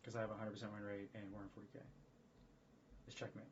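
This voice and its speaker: A man's voice: fairly low pitch, flat delivery, fast, noisy background. Profane, rambling man on a livestream. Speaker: streamer. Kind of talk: casual livestream monologue. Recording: dull lo-fi stream audio.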